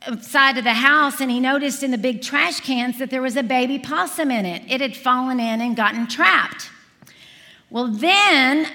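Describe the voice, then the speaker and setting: A woman in her forties preaching, telling a lively story to a congregation and acting out the dialogue. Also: high-pitched. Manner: animated storyteller, acts out dialogue. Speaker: speaker at a church service. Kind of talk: storytelling sermon. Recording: reverberant hall.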